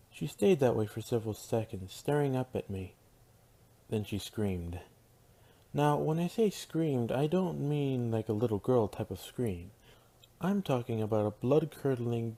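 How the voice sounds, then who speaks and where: A man reads a fan story aloud as its first-person narrator, with a wry, dry delivery. His voice is unusually dark and mellow, sitting at an ordinary male pitch. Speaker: narrator, voice actor.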